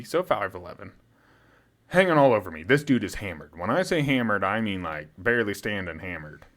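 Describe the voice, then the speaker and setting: A young man co-hosting a podcast, telling a story in casual chat, laughing often and swearing freely. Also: medium pitch. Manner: animated, swearing, laughs often, loud when imitating a drunk fan. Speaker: podcast co-host.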